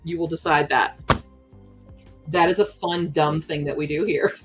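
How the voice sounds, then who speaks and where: A young woman with a slightly low voice chats easily on a live stream, reading out viewer messages between remarks on her project. Quiet music plays underneath her. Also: fairly even intonation, a little slow, poor audio. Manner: chatty, reads chat aloud, talks while crafting. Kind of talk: casual live-stream chat.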